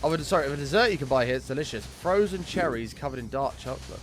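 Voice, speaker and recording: Excitable guy streaming a game. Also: medium pitch, quick pace, soft background music. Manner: excitable, swears, chats with viewers by name. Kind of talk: casual live-stream chat.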